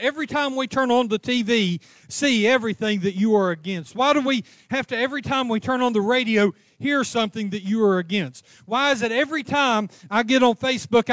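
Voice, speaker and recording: A man preaching a sermon, crying out passionately at times and easing into a calm teaching tone at others. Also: sits high, no room sound, clean studio sound. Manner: impassioned preaching, rising to cries then dropping to a calm teaching tone. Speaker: pastor.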